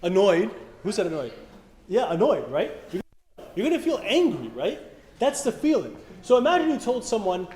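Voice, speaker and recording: Animated man preaching in an echoey hall. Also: high voice, moderate pace. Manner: animated, conversational, asks the audience questions. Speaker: speaker at a church youth meeting. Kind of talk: casual sermon talk. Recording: echoey hall with faint room noise.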